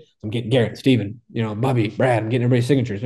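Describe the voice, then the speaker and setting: A man telling the story of his hole in one in a casual interview, talking excitedly and rambling with lots of "like" and restarts. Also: medium pitch, rapid-fire.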